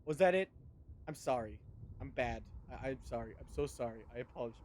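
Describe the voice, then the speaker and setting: A man's voice: mid-range voice, animated, brisk, a little mellow, a little hiss or hum. A man streaming a video game, chatting in a rambling, sarcastic way and swearing often. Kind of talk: casual game commentary.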